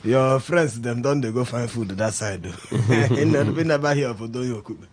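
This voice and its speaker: A man's voice: medium pitch, unhurried, a little hiss or hum. Joking Nigerian radio man. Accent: Nigerian Pidgin English. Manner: jokey, laughing, loud announcer bursts. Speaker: radio co-host. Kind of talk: casual Pidgin radio banter.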